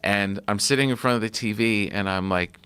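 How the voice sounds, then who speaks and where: A man on a podcast tells a personal story at length, looping through fillers and restarts. His voice sits on the low side and is recorded close and dry in a studio. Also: a little fast, sharp tone, clean tone, dry recording. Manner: rambling, filler-heavy anecdote telling. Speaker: podcast guest. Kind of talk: casual storytelling.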